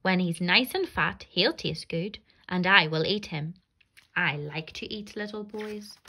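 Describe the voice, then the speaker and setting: A woman voicing a wicked, greedy old witch who swings from high coaxing to low hushed tones in a storybook reading. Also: lively intonation, a little slow, breathy edge, heavily acted. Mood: bossy.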